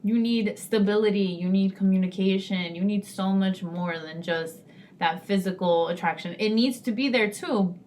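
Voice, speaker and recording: Young woman, podcast co-host, mid-pitched voice, frank chatty talk, faint background hiss. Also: moderate pace, a little mellow. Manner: frank, chatty, laughs often. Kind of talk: casual chat.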